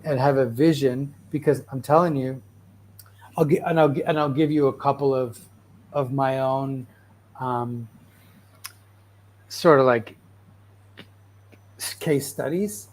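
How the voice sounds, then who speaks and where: A man's voice: medium pitch, slow pace, pauses often. A man hosting a casual motivational talk, rambling through stories with constant "right?" and "like" and frequent restarts. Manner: restless, animated storyteller with frequent restarts.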